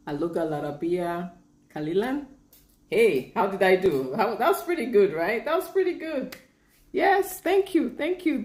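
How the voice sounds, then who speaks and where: A woman chatting casually on a live stream, reading viewer comments, laughing often and trying out halting Arabic phrases. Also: fairly low pitch, a little mellow, echoey room. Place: lives in Bahrain.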